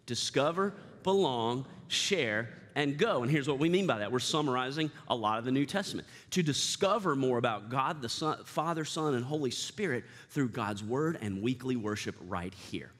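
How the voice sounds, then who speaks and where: A man who is lead pastor, preaching a lively, self-deprecating sermon and leading the congregation in call-and-response. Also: mid-range voice, brisk, few pauses. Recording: reverberant church sanctuary.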